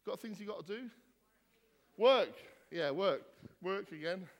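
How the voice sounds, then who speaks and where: A man's voice: high-pitched, expressive, a little slow. A male vicar, joking and teasing as he quizzes his congregation. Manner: jokey, teasing, bouncy questions to the crowd. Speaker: vicar leading a church gathering. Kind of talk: playful banter with the congregation. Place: church hall. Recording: echoey hall reverb.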